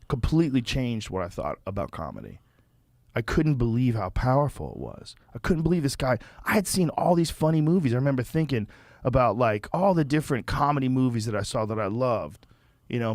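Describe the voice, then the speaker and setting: A man hosts a casual podcast, cursing often as he tells his stories with energy. His voice sits at a middle pitch. The sound is close and dry, with no room echo. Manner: profane, animated storytelling. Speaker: podcast host.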